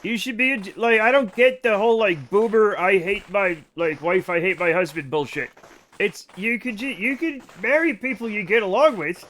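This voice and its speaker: A man's voice: sits high, normal speed, a bit bright. A man streaming a game live, rambling casually and talking straight to his chat.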